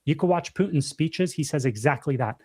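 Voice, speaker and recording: A man's voice: on the high side, expressive, a little fast, a little mellow. Emphatic young man on a podcast. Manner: emphatic, repeats himself, says dude and bro. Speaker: podcast co-host. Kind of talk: casual chat.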